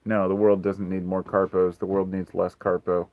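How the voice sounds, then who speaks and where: A man's voice: low voice, flat delivery, moderate pace, no room sound, dull audio. A man hosting a casual livestream Q&A, talking frankly and rambling, swearing freely. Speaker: livestream host.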